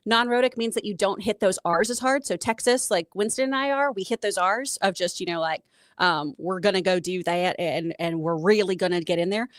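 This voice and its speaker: A woman on a talk show lays out her points in an articulate, teacherly way. Her voice sits at an ordinary pitch, and the sound is dry and close to the mic. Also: brisk, dry recording. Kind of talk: casual chat.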